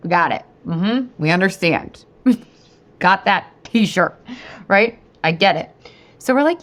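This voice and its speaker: A woman in her thirties hosting a podcast, telling a story in a chatty, animated way and often talking straight to her listeners. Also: on the low side, a little slow, long pauses. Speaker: podcast host and weight-loss coach. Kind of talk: casual storytelling monologue.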